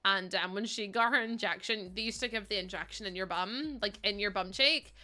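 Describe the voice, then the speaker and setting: A woman's voice: mid-range voice, fairly quick, sharp tone. A woman around thirty chatting casually with her viewers while she streams a game, laughing often and answering their messages. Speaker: livestreamer.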